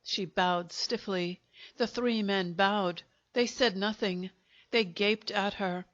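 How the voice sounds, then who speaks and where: A female audiobook narrator with a medium-pitched voice reads a scripted story slowly, in a measured, even way. The recording is dull and lo-fi.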